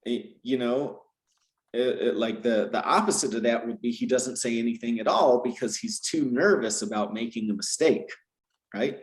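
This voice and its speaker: A man's voice: medium pitch, normal speed, echoey room. A man from Georgia with no Southern accent, a language teacher casually explaining his teaching approach, with lots of fillers and self-corrections. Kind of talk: casual conversational advice.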